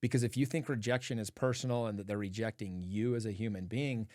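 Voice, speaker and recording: Male podcast guest, low and dry, earnest storyteller, loose chatty fillers. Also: steady tone, fast talker, darkish tone, no room sound. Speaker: podcast guest, men's coach. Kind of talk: casual podcast conversation.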